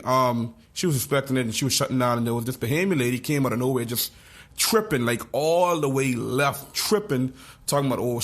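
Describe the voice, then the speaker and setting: A man co-hosting a podcast, telling a story in casual chat with lively slang. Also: mid-range voice. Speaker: podcast co-host.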